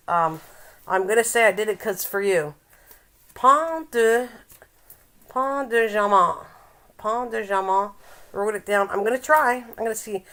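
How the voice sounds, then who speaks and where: An older woman chats casually on a home live stream. She teases her viewers and laughs a lot, in a middle-pitched voice. When she reads aloud, she slows down and stumbles over words. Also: a bit bright. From Canada. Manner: chatty and teasing, laughs often, reads aloud haltingly.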